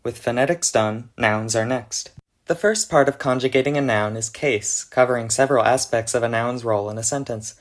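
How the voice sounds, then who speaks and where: A man's voice: mid-range voice, normal speed. A man narrating a scripted explanation of an invented language, with a dry, mock-serious delivery. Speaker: conlang video narrator.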